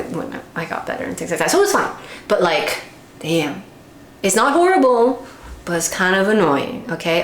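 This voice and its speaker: A woman talking candidly in a casual vlog monologue, animatedly acting out her own inner voice. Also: lowish voice. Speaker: vlogger. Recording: echoey room with faint background hiss.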